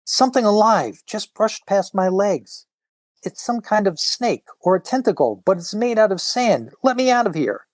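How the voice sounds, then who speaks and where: High panicky beach lady, as a guy reads her out, dry close sound. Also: very animated, moderate pace, no echo. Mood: alarmed. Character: startled shrieking woman at the beach.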